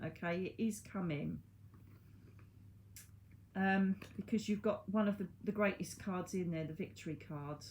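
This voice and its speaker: A woman's voice: mid-range voice, a little mellow, slight background noise. A woman reading oracle cards to camera in a chatty, reassuring way that laughs at herself. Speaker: psychic medium reading cards. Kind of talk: casual tarot card reading to camera.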